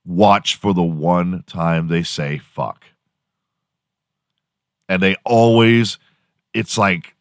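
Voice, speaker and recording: A man hosting a morning show, rambling through a profane, animated solo monologue. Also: sits low, no room sound, studio quality. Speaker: podcast host.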